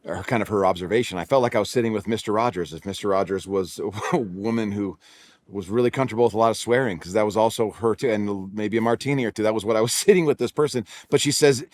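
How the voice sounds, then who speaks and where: A man's voice: on the low side, quick pace, a little mellow, no room sound. A man in his forties, a pastor with a Californian accent, telling a personal story in a sermon, conversational and self-deprecating with frequent restarts. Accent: Californian English. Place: church auditorium.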